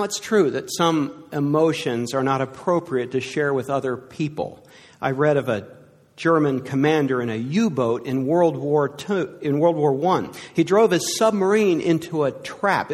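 A pastor delivering a sermon, moving between loud, emphatic lines and hushed, soft ones. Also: male voice, fairly high pitch. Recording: long hall reverb.

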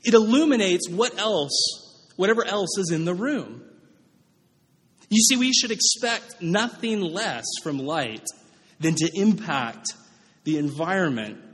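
A man's voice: a little high, husky. A man preaching a sermon as pastor, in a conversational way with frequent "right?" asides. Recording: reverberant hall.

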